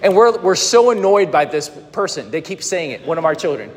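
A man's voice: a little high, big pitch swings, fairly quick, in a large hall, slight background noise. A man preaching a sermon in a conversational way, asking the congregation questions. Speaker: pastor.

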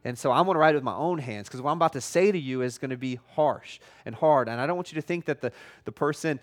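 A pastor preaching a sermon in a casual, conversational way, full of "like", and pressing his points bluntly and forcefully. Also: mid-range voice, fast. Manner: conversational and emphatic, heavy use of "like".

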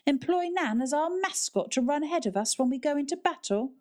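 Woman doing a dry, sardonic uncle, quick and protective. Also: high-pitched, animated, a little mellow, pitched above the performer's own voice.

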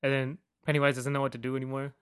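A man's voice: medium pitch, level tone, rapid-fire, clear, resonant tone, dry recording, clean studio sound. A man hosting a podcast in a casual, rambling rant, swearing freely and filling his speech with "like.". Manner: rambling, profane, heavy use of "like". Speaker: podcast host.

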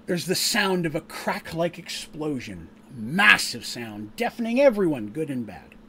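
A man runs a tabletop game as game master, narrating the action in a casual way with ums and asides. He breaks off to explain the rules. His voice is a little high, with a faint hiss in the background. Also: very animated, measured pace, sharp tone.

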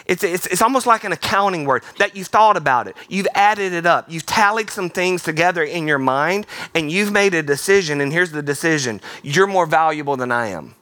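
A man preaching a sermon in a theater, energetic and playful, slipping into quick voices. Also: on the high side, no room sound, studio quality. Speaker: pastor.

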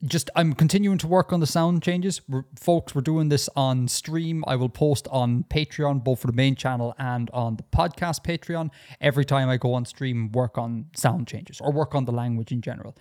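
A man talking casually on a podcast, chatty and loose. He stumbles and restarts his sentences often and fills the gaps with ums. His pitch is in a middle range. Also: normal speed, hardly any pauses, darkish tone. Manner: chatty, hesitant with many restarts and fillers. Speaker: podcast co-host.

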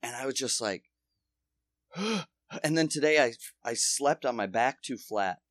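A man's voice: medium pitch, lively intonation, a little slow, a bit bright, no echo. A man talks in a loose, rambling way, his voice thick from a cold that he mentions. The sound is dry and close, with no room around it. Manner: rambling, casual, swearing. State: has a cold. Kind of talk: casual podcast chat.

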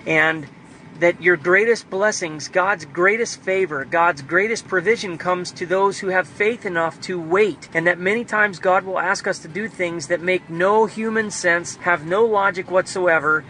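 A man's voice: high voice, unhurried, pushed and bright, a little hiss or hum, rough recording. A man talking in an earnest, fervent, rambling way as he shares personal devotional reflections in a vlog. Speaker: believer sharing devotional reflections. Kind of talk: personal faith vlog monologue.

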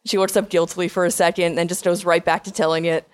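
Woman telling a comic story. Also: fairly low pitch. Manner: lively, self-deprecating, dramatic pauses. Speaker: comedian and storyteller.

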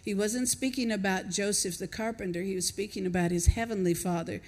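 A woman's voice: medium pitch, fairly even intonation, brisk, darkish tone. A woman preaches to her congregation in an easy, conversational way. She thinks aloud and puts questions to the listeners as she goes. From not from Australia, lives there. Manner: conversational, reflective, chuckles between points. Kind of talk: sermon.

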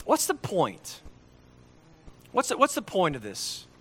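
A man preaching a sermon, emphatic and repeating key lines slowly for effect. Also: high voice, huge pitch swings, a bit bright, husky.

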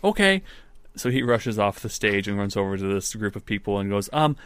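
A man's voice: on the low side, flat delivery, brisk, smooth, no room sound. A man narrating as game master in a casual, wry way.

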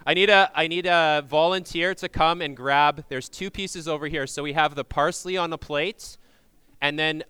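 Bright-voiced man directing a crowd. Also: fairly high pitch, smooth, dry recording. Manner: checks in with frequent "okay?"; projects loudly into a microphone. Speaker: leader of a group Passover meal demonstration. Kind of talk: giving instructions to a crowd. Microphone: handheld or stand microphone.

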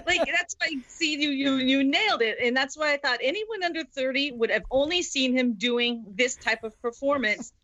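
A woman's voice: high-pitched, normal speed, few pauses, pushed and bright, no echo, highs cut off. A woman co-hosting a casual movie podcast, talking emphatically and gushing about actors. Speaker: podcast co-host.

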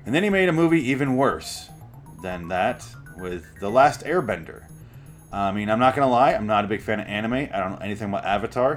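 Ranting man, low voice, sarcastic and profane, home recording, faint music under. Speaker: author reading and commenting on his book. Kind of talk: casual profane monologue.

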